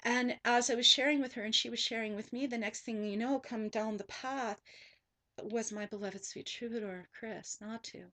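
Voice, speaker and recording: A woman's voice: on the high side, steady tone, moderate pace, pushed and bright. Earnest woman telling a spiritual story. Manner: earnest, repeats herself, restarts sentences. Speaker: spiritual teacher. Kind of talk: personal storytelling monologue.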